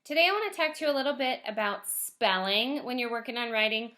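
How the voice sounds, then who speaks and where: A woman gives a recorded lesson to first graders in a bright, slightly high voice. She speaks gently and encouragingly. She slows down and stretches words out so young children can hear each sound. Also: animated.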